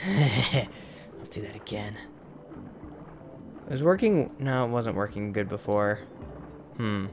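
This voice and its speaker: A man's voice: medium pitch, slow, pauses often, noisy background. A man giving casual gameplay commentary as a let's play host, grumbling and exasperated, with mild minced oaths.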